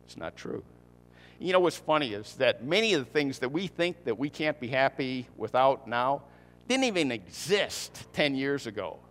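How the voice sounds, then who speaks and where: A man's voice: medium pitch, very animated, normal speed, a bit bright, in a large hall. A man preaching a sermon in a conversational way, repeating his key points and asking the congregation rhetorical questions. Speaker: pastor.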